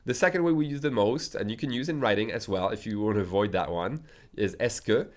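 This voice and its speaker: French-accented man teaching French. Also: on the low side. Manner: slow deliberate pronunciation of French examples, frequent "okay?" check-ins. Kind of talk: casual language lesson.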